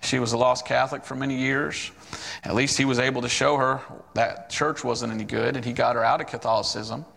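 A missionary preacher in his forties tells his testimony during a sermon, storytelling with animated quoted voices as he acts out the people involved. His medium-pitched voice is brisk and creaky, and the sound has a big-room quality.

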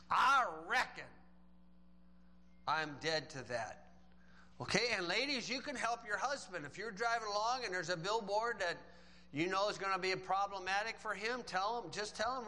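Folksy preacher guy, kinda high voice, cracking jokes between bible verses. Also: pushed and bright, long reverb tail, poor audio. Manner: folksy, joking asides between scripture quotes. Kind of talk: sermon.

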